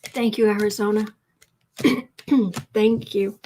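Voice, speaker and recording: A woman hosting a live tarot stream from home, excited and teary, her voice shaky as she chats and laughs. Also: mid-range voice, slow, background noise. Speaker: tarot reader host. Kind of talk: emotional live-stream chat.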